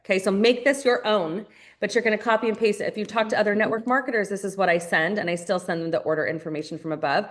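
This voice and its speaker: A woman's voice: mid-range voice, steady tone, fast. A woman leading a live online training for new team members, upbeat and direct, talking to her listeners as "you guys" and repeating phrases for emphasis.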